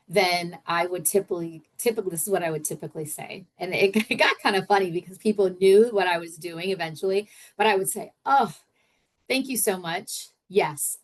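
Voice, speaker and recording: Middle-aged woman, podcast host and coach; loose, chatty delivery full of fillers. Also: lowish voice. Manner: chatty, with many fillers and self-corrections. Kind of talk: casual solo podcast teaching.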